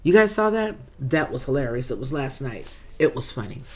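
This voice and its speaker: A woman hosts a casual livestream, reading viewer comments aloud and greeting people by name in a chatty, folksy way, calling them girl, baby and boo-boo. Her husky bass voice swings widely in pitch and moves fairly quickly.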